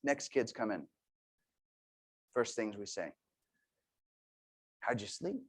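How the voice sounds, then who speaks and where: A man in his thirties giving a motivational talk to a team, telling stories with quiet asides and sudden loud bursts. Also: lowish voice, sing-song, takes it slowly. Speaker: motivational speaker.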